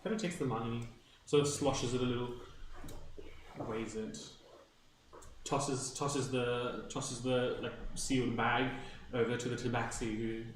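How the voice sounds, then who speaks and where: A man's voice: mid-range voice, little pitch movement, measured pace. A man running a tabletop game as game master, describing scenes loosely with many fillers. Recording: echoey room from far off, noisy.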